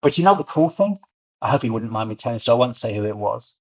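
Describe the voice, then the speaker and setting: A man's voice: mid-range voice, lively intonation, quick pace, fairly bright tone. A middle-aged man with a London accent, telling stories as an interview guest and often repeating words as he gets going. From England. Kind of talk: storytelling interview. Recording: muffled lo-fi audio.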